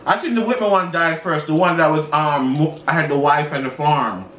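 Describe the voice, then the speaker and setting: A man's voice: on the high side, normal speed, a bit bright. A man co-hosting a casual mukbang chat, sassy and drawling, calling everyone honey and girl. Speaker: co-host. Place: indoors at a dining table. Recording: roomy, slightly distant, faint noise.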